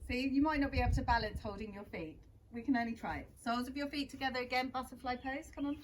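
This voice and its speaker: Gentle woman leading kids' yoga. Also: sits high, steady tone, fast, slight background noise. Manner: gentle, encouraging, instructive. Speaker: kids yoga teacher. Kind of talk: guiding a children's yoga class.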